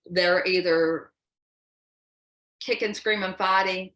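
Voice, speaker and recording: A woman with a low voice gives a folksy, conversational workshop talk in an echoey room. She leans into her points with emphasis. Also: fairly even intonation, slow, fairly bright tone. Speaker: parenting workshop presenter.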